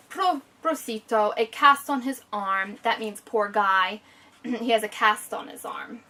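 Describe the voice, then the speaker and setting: A woman teacher reading a picture book aloud to a child and stopping to explain it, slowing down to savor the descriptive lines. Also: fairly high pitch, pushed and bright, distant mic.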